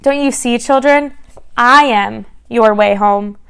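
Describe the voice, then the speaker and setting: A gentle, kindly storybook king speaks softly and reassuringly, as a woman reads him aloud. The tone is smooth and resonant, sitting a little high for a king. He sounds patient and calm. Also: takes it slowly, heavily acted.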